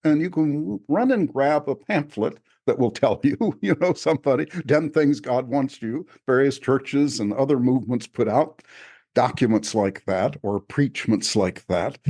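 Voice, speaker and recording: A man, an author, talking in a relaxed podcast conversation, reflective and often chuckling as he restarts his sentences. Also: mid-range voice, a little slow. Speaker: author discussing his spiritual experiences. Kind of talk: casual conversational podcast talk.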